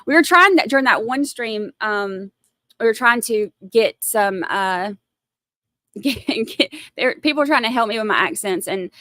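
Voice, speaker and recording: A woman's voice: fairly high pitch, pushed and bright, no echo, studio quality. A woman hosting a casual livestream, rambling and giggling at herself between topics. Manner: giggly, rambling, self-mocking. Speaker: livestream host.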